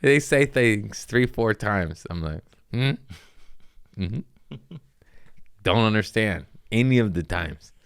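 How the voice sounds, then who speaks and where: A man's voice: on the low side, lively intonation, unhurried, clear, resonant tone, no echo, clean studio sound. A young man and comedian telling rambling, profane stories on a casual podcast, saying bro a lot.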